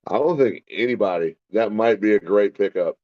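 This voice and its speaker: A man's voice: fairly low pitch, normal speed, no room sound, muffled recording. A man co-hosting a casual live football reaction show, with wry, laid-back comments. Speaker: co-host.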